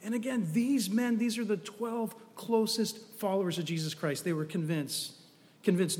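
A man's voice: sits high, moderate pace, a little mellow, in a large hall. A man preaching a sermon in a conversational, storytelling way with humorous asides.

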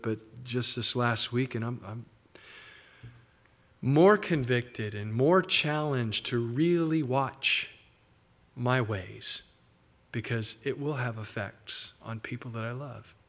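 A middle-aged man preaching a sermon, animated, slipping into quick mock voices for the people in the story. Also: mid-range voice. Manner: animated preaching, mimics characters in asides. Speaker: pastor.

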